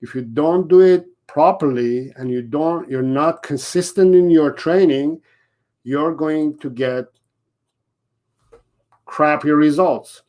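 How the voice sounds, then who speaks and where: A man coaching dog owners through a live training talk, taking his time over each point. His voice sits a little high, and he drops in quick acted examples of owners and their dogs. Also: a little mellow. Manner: repetitive, acts out owners and dogs in quick asides.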